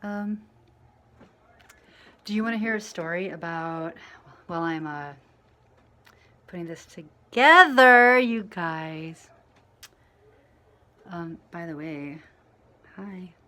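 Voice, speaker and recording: Rambling woman vlogger, soft and chatty. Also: on the low side, slow, pauses often. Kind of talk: casual storytelling to camera while dyeing her hair.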